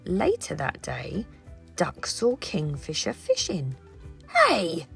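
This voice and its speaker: A woman reading a children's picture book aloud in an expressive storytelling voice. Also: deep voice, takes it slowly, gravelly, soft background music. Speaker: storybook reader.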